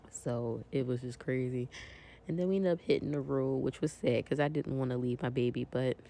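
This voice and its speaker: A woman talks her viewers through her weekend as she decorates a planner, in a relaxed, friendly, chatty way. Her voice is warm and mellow, with a gravelly fry under it. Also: extremely low pitch, normal speed, pauses often, slight background noise. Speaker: planner vlogger. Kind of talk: casual chat while decorating a planner.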